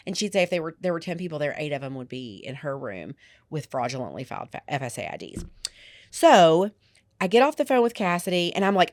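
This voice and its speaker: A woman's voice: low voice, dry recording, studio quality. A woman with a slight lisp, co-hosting a podcast and telling a story in casual chat, quoting people as she goes. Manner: animated, quick retelling with quoted voices. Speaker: podcast co-host.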